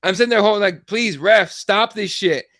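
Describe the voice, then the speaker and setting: Brief: young man, high pitched, animated and foul-mouthed podcast co-host, dry close sound. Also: moderate pace, no echo. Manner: profane, animated storytelling. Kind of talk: casual chat.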